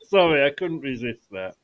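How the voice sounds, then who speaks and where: A man hosts a football fan show in a casual, chatty way. He teases his co-host and keeps breaking into giggles, his voice sitting slightly high. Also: big pitch swings, a little slow, lo-fi sound. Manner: teasing, giggly, laughs a lot. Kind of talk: casual chat.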